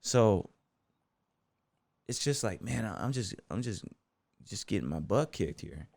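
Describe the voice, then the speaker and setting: An American man with a lowish voice tells a long anecdote as a podcast guest, loose and rambling, peppered with "you know" and "man". His voice is close and dry, with no room around it. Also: very animated, a little slow, gravelly, darkish tone, no room sound. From United States. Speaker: podcast guest, bull rider and gym owner. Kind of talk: casual storytelling interview.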